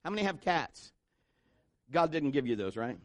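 High-voiced man preaching a sermon. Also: sing-song, normal speed, no room sound. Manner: joking asides, voices quotes. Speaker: pastor. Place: church.

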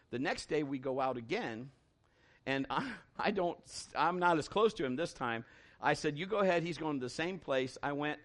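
Middle-aged pastor guy telling a story in his sermon, lively, keeps restarting himself. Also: mid-range voice. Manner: animated, folksy, with many restarts and acted-out quotes.

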